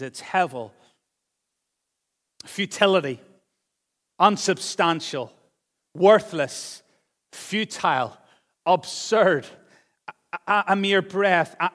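Male pastor preaching in a reverberant hall. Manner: swings between raised emphasis and quiet, low asides. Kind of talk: sermon.

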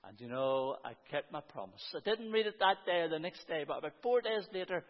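A man's voice: on the high side, expressive, a little fast. A man in his fifties preaching his testimony to a church gathering, earnest and often repeating "and you know, friends". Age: 50s. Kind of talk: sermon testimony. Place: church hall with about 150 people. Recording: reverberant hall, dull lo-fi sound.

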